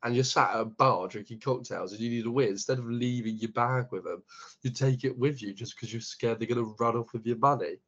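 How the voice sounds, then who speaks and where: A young man co-hosting a casual podcast, chatty and quick to swear and laugh. His voice is husky and a little breathy. The recording sounds dull and lo-fi. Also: medium pitch, fairly bright tone. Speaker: podcast co-host. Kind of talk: casual chat.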